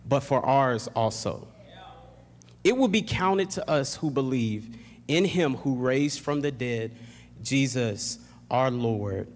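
A young pastor delivers a sermon in a church. His mid-range voice moves from hushed, slow prayer to building intensity, and the sanctuary gives it a long, ringing reverb. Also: mid-range voice. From Florida. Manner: reads scripture, then prays slowly and hushed, then preaches with rising intensity.

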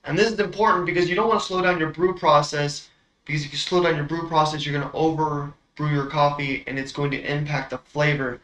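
Bright-voiced man explaining coffee in an echoey room. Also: a little high, flat delivery, brisk. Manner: explanatory, with frequent fillers. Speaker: coffee tasting host. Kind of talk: casual instructional demo.

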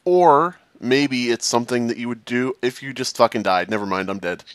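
A man's voice: medium pitch, moderate pace, dry recording, studio quality. A man hosting a gaming channel, chatting and joking with friends while playing an online game. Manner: joking, chatty, laughs often. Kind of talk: casual gaming chat.

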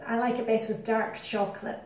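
A woman's voice: a little high, little pitch movement, brisk, creaky, darkish tone. A middle-aged woman with a Scottish accent, chatting her way through a home cooking demonstration with rambling asides. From Scotland. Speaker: cooking vlogger. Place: home kitchen. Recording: very echoey kitchen, distant mic.

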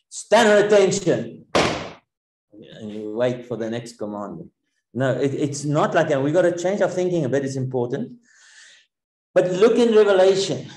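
A man preaching a sermon in an earnest, explanatory way, pausing often. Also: fairly high pitch, a little mellow, roomy sound, low-quality recording.

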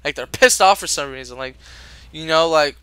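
Profane ranting young man, bright voice. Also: on the high side, moderate pace, smooth, no room sound. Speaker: retail customer service clerk. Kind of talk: ranting storytime vlog.

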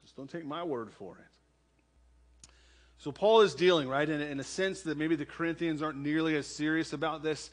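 A pastor preaches from the pulpit in a relaxed, conversational way. He is a man with a slightly higher voice than most men, and he checks in with the listeners again and again by asking "right?". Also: normal speed. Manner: conversational, asks "right?" often. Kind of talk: sermon with scripture reading and prayer.

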